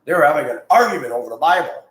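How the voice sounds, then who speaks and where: A man's voice: on the high side, lively intonation, rapid-fire. A man who drives a school bus, talking in a blunt, rambling, opinionated monologue. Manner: blunt, rambling, gets heated and loud. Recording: echoey room.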